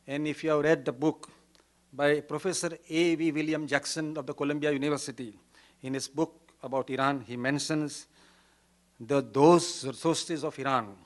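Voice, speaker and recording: A man with an Indian English accent giving an earnest conference lecture as a Zoroastrian priest, reciting Persian couplets and stressing his points. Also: fairly high pitch.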